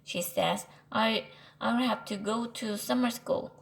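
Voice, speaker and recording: A woman's voice: on the high side, slow pace, vocal fry, a little hiss or hum, poor audio. A woman reading as Arthur, a fretful boy aardvark. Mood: worried. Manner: anxious, rambling excuses. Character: worried young boy aardvark, fretful and evasive.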